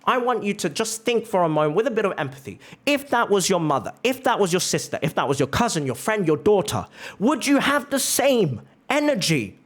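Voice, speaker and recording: A man's voice: sits high, very animated, fairly quick, a bit bright. Fired-up male streamer ranting. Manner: impassioned, profane, repeats phrases for emphasis. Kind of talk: heated reaction rant on stream.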